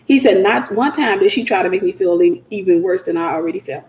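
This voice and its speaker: Animated woman teaching in an echoey room. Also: medium pitch, quick pace, a little hiss or hum. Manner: animated, acts out quoted voices. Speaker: host, Christian teacher. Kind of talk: informal teaching talk.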